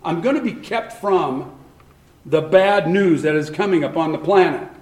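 A man preaching a sermon in a loose, conversational style, often asking his listeners questions. His voice sits high for a man. The sound carries a roomy echo, as in a church hall. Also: expressive, normal speed, darkish tone. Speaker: pastor.

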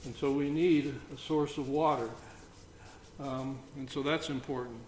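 A man leading an informal Bible study, reading scripture aloud between halting comments. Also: mid-range voice, steady tone, darkish tone. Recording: roomy echo, faint background noise.

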